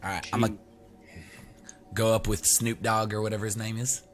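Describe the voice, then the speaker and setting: A man's voice: fairly low pitch, little pitch movement, a little fast, soft background music. A man player joking around in character at a tabletop game. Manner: playful, jokey.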